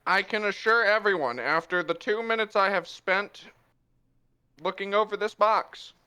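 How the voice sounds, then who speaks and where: A man's voice: high-pitched, moderate pace, pushed and bright, smooth, voice pushed up. A man putting on a pompous cat rogue. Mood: boastful. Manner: boastful, grandly self-assured.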